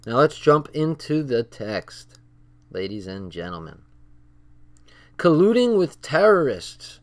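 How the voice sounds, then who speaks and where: Speaking slowly in a sing-song, medium-pitched voice, a man hosts his channel by reading a text and offering commentary. He's blunt, casual and profane, leaning on his personal stories.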